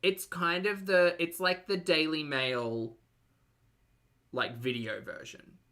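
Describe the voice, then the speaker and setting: Chatty Australian man, bright voice. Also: a little high, fairly even intonation, slow. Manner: chatty, rambling, many fillers. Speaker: host. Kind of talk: casual reaction commentary.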